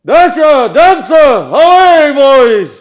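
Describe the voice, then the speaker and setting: A man playing a jolly, grand old Father Christmas, speaking slowly and theatrically. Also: lively intonation. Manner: slow, booming, theatrical.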